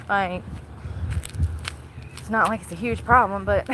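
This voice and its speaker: A woman's voice: medium pitch, moderate pace, long pauses, heavy background noise. A woman chatting casually to her viewers while picking up trash outside, blunt and self-mocking, swearing freely. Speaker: vlogger. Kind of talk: casual outdoor vlog chatter. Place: outdoors picking up roadside trash.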